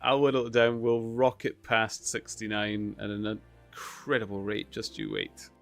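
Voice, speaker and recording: A man chatting casually with his viewers on a live stream, relaxed and chuckling. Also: fairly low pitch, moderate pace, creaky, soft background music. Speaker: livestreamer.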